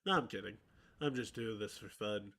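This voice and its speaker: A man's voice: on the low side, moderate pace, pushed and bright. A man streaming solo, chatting playfully and mocking himself, slipping into mock-announcer asides, with a mixed accent that is hard to place.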